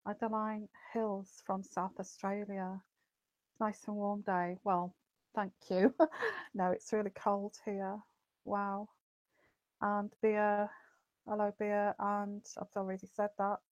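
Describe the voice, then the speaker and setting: A woman's voice: medium pitch, fairly even intonation, slow, no echo. A woman hosting a psychic livestream, chatting casually and greeting viewers by name with plenty of ums and uhs.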